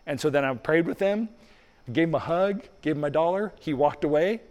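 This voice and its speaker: A man's voice: a little high, fairly quick, a little mellow. A man preaching a sermon, telling a story in a conversational way and acting out the dialogue, then leading a prayer. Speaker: pastor. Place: church hall. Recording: reverberant hall.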